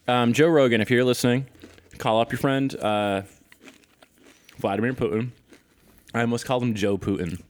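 A man co-hosting a casual podcast chat, talking playfully and rambling with quick asides. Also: mid-range voice, fairly even intonation. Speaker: podcast co-host.

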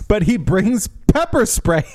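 Dude on a podcast griping about a book plot, sarcastic, bouncy lively voice, dry sound. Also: male voice, high-pitched, takes it slowly, dry recording. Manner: sarcastic, exasperated storytelling. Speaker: podcast co-host. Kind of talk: casual book recap chat.

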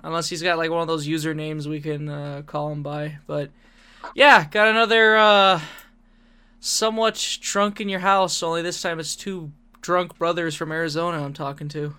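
A man's voice: fairly high pitch, steady tone, moderate pace, pushed and bright, clear, resonant tone. A man hosting a podcast in casual chat, laid-back, laughing often and swearing freely. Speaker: podcast host.

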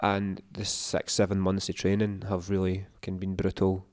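Low-voiced guy on a podcast, swears a lot, emotional storytelling, dead dry mic. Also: completely flat delivery, moderate pace, a little mellow, no room sound. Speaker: podcast guest. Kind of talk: casual interview chat.

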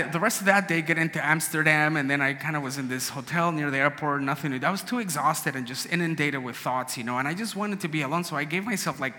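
Guy from guatemala telling a heartfelt story, bright voice, big echoey hall. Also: on the high side. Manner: emotional, animated, acts out dialogue. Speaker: storyteller guest. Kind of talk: personal story told to an audience. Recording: long hall reverb.

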